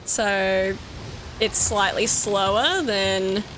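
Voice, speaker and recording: A woman in her thirties with an Australian accent, giving gushing, excitable commentary on a game she loves. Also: medium pitch, extremely slow, background noise. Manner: excitable and gushing, laughs often. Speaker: let's play gamer. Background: faint game music.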